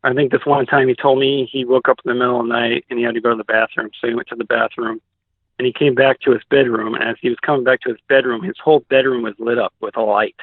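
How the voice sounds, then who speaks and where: A man's voice: mid-range voice, little pitch movement, fast, no room sound. A man, a guest on an interview show, telling his story in a casual, rambling way with many "likes" and restarts. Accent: Pacific Northwest American. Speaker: guest recounting a sighting. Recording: dry tinny phone line.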